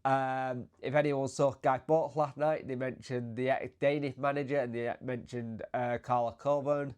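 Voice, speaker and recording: Man, stuffy blocked nose, under the weather, rambling casual football chat, trails off softly. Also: medium pitch, fairly even intonation, moderate pace, clean tone. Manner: chatty and rambling, trailing off and dropping quieter as he goes. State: congested, bunged-up nose; feeling unwell, tired. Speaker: football fan channel host. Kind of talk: casual solo video commentary.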